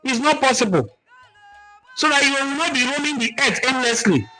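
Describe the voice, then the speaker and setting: This Nigerian-accented man hosts a cultural livestream talk at a moderate pace, his pitch sitting notably high for a man. Animated and emphatic, he teaches and reads viewer comments aloud over faint background music. The recording quality is low.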